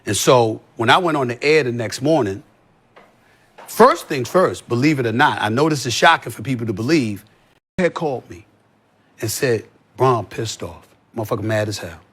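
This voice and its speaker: A man's voice: medium pitch, lively intonation, normal speed, a bit bright, husky. A man talking in a heated, profane podcast conversation, pressing his points again and again. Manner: emphatic, profane, repeats points. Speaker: sports commentator as podcast guest.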